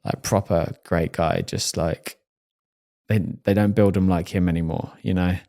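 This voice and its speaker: Candid man, low voice. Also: steady tone, normal speed, dark tone. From England. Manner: open, candid, laughs easily. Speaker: podcast host. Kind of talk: casual podcast conversation.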